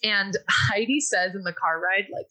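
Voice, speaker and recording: A woman's voice: medium pitch, normal speed, bright, forceful tone, low-quality recording. A woman hosting a casual podcast, recapping a movie in a chatty way, laughing often and briefly acting out the characters' lines. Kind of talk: casual chat.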